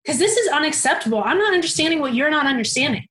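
A woman's voice: sits high, lively intonation, fairly quick, a bit bright, echoey room. A woman voicing her stern, exasperated female clinic supervisor, who scolds indignantly. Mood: exasperated scolding.

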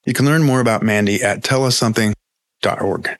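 A man hosting a podcast, reading a scripted introduction in a measured way. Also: on the low side, dry recording. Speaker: podcast host. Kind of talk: scripted narration.

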